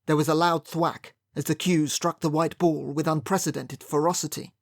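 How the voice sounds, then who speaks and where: A wry, measured first-person audiobook narration of a period mystery. The voice sits at a middle pitch. The recording is close and completely dry. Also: steady tone, no room sound.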